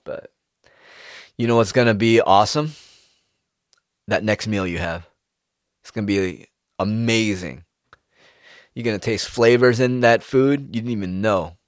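A man, rambling in a casual, profane monologue with sudden jumps in pitch. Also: a little slow, long pauses, no echo, studio quality.

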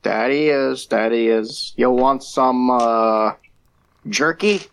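A man's voice: mid-range voice, slow, creaky, smooth. A man playing a tabletop game, speaking easily and offering food in character. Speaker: player. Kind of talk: casual tabletop play.

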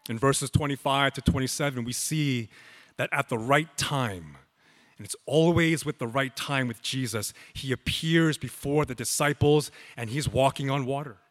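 A man preaching a sermon as pastor, slow and emphatic with dramatic pauses. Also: mid-range voice, a bit bright, long reverb tail.

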